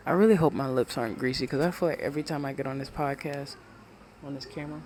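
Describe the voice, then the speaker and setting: A podcast host talking low and rambling at home at night, winding down, swearing freely into a small handheld microphone. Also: quick pace, a little mellow, slight background noise. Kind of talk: casual late-night solo podcast. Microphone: small handheld USB microphone.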